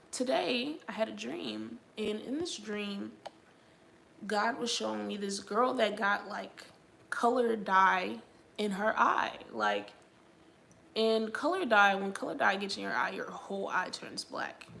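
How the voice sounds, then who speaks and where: A young woman tells a personal faith story on her own livestream, loose and chatty, with lots of "like". Her voice is bright and forceful, with a gravelly fry running through it. Faint noise sits behind her. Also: mid-range voice. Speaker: livestream host. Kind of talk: casual personal testimony vlog.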